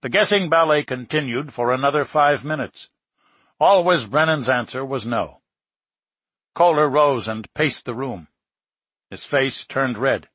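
A man reading a nonfiction book aloud in a steady, measured narration. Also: medium pitch, breathy edge, dry recording. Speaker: audiobook narrator. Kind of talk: scripted narration.

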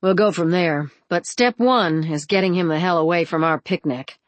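A blunt, protective, tough woman, voiced by the woman narrating, brisk and no-nonsense. Her voice sits low. The recording is dry and close. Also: dry recording, lightly acted.

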